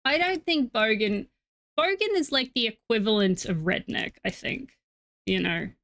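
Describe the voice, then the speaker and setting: A woman's voice: on the high side, sing-song, moderate pace, a bit bright. A woman streaming a game, chatting playfully with her viewers and often repeating words as she talks. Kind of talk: casual chat with stream viewers.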